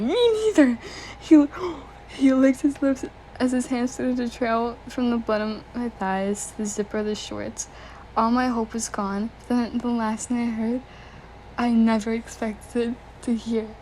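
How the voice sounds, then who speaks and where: A woman's voice: fairly high pitch, a little mellow, slight background noise, rough recording. A young woman reading fan fiction aloud, often breaking off to giggle, react and joke. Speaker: story reader.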